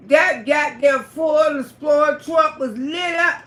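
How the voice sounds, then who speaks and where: A woman casually telling a story on a livestream, cursing freely, laughing often and bursting out loudly. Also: high-pitched, measured pace, hardly any pauses. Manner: profane, laughs often, loud outbursts. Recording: roomy echo.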